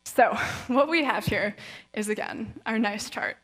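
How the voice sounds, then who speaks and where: A woman's voice: fairly high pitch, unhurried. A woman guest speaker giving a conversational sermon with Bible readings, chatty and casual, now and then acting out the voices of people in the story. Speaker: guest speaker at a young adult event. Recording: reverberant hall sound.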